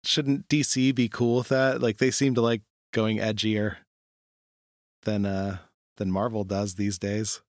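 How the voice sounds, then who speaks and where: Man, lowish voice, laid-back co-host, dry close recording. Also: little pitch movement, a little slow, no room sound. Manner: easygoing, asks short follow-up questions. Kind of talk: casual chat.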